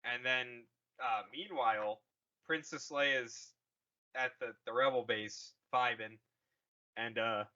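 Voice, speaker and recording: A man's voice: medium pitch, steady tone, slow, bright, forceful tone. A man casually recapping a film on a podcast in a rambling, jokey way, swearing often. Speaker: podcast co-host. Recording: dull lo-fi audio.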